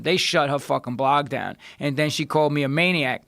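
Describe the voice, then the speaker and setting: A man tells rough, profane stories as a podcast guest. His voice sits a bit high, and the studio sound is close and dry. He keeps jumping into other people's voices as he talks. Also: moderate pace, no room sound. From New York. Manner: profane, animated, swings his voice up for quotes. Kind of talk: casual storytelling.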